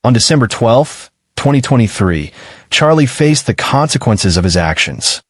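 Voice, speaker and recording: A man narrating a true-crime documentary in a measured, scripted way. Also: medium pitch, very animated, breathy edge, dry recording.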